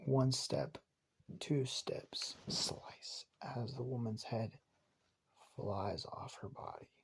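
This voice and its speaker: A man improvising a fan story in loose, rambling narration that strings clauses together. His voice is gravelly and husky, dark in tone, and he takes his time. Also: medium pitch, slow pace, whispered. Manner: rambling, repeats "as" and "just says".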